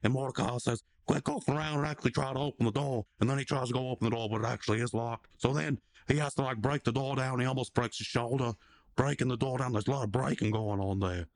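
A man's voice: medium pitch, fairly even intonation, quick pace, no echo. A man casually recapping a cartoon episode as a podcast co-host, rambling and joking and acting out the characters' lines.

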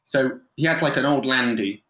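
A photographer spins animated anecdotes full of fillers and mimicked voices. His voice sits in the middle of the male range. The room around him adds a noticeable echo. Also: mid-range voice, normal speed. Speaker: photographer, podcast guest. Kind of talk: casual anecdotal storytelling. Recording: roomy echo.

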